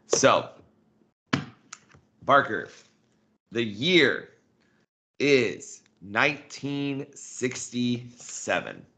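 A man's voice: mid-range voice, animated, extremely slow, pauses often, pushed and bright. A man co-hosting a casual history podcast, explaining details and reading passages from a book aloud. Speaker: podcast co-host.

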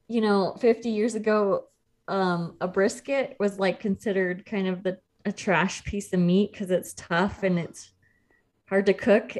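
A medium-pitched, darkish voice comes from a thirties-aged nutrition coach co-hosting a casual podcast. She's chatty and easygoing in her explanations, breaking into laughter easily.

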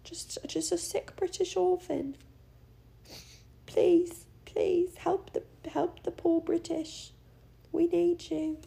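A woman's voice: level tone, slow pace, mellow, exaggerated voice. A woman hamming up a sick pleading British orphan girl. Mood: self-pitying. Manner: whiny, high, breathy pleading.

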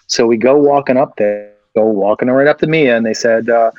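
A man, a guest actor, telling an animated anecdote and acting out the voices of the people in it, laughing often. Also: medium pitch, moderate pace, few pauses, no room sound, muffled recording.

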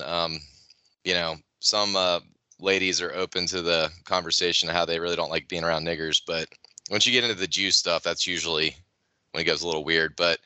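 A man's voice: deep voice, sharp tone, smooth, dry recording. A man co-hosting a podcast, telling things in a loose, offhand casual chat. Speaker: podcast co-host.

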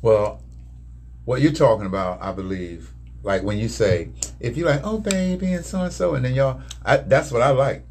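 A laid-back man with a fairly low voice talks in a colloquial, gently teasing way. A faint hiss sits behind his voice. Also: normal speed. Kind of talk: casual conversational talk.

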